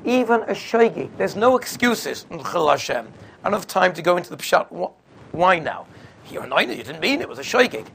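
A man's voice: sits high, sing-song, a little fast, vocal fry, fairly bright tone, a little hiss or hum. A man giving a sermon, telling stories in a conversational way. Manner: conversational, sprinkles in Yiddish and Hebrew terms. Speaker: religious speaker. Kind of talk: storytelling sermon.

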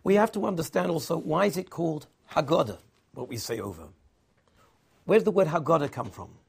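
A man delivers a sermon, dropping Hebrew and Yiddish terms into his English teaching. His voice sits a little high, with a gravelly rasp and a husky, breathy texture. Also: expressive, a little fast. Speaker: rabbi giving a Torah talk.

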